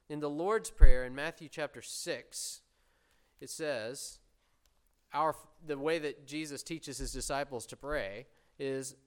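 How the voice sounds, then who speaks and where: A man preaching a sermon, earnestly explaining scripture and slowing down to voice prayers with emphasis. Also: mid-range voice, a bit bright, clear, resonant tone. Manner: earnest, slows and swells when voicing prayers.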